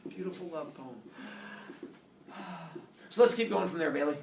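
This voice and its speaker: A man's voice: fairly high pitch, lively intonation, moderate pace, creaky, a little mellow, slight background noise. A man teaching a class, talking in a playful, theatrical way. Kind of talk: classroom lesson. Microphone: camera across the room. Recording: echoey classroom from far off.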